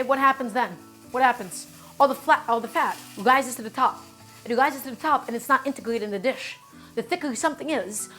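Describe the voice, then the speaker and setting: A woman's voice: a little high, fairly bright tone. A woman streamer teaching a cooking lesson live, chatty and emphatic, often addressing her chat directly.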